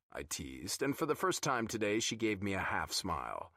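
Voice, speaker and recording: Male audiobook reader, wry and teasing, low voice with a lively lilt. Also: normal speed, no room sound, studio quality. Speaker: audiobook narrator. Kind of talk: scripted first-person narration.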